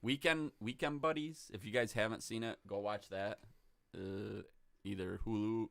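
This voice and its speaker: A man's voice: lowish voice, fairly even intonation, moderate pace, vocal fry, fairly bright tone, no room sound. A man co-hosting a podcast, chatting casually in an easygoing, enthusiastic way. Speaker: podcast co-host. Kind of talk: casual chat.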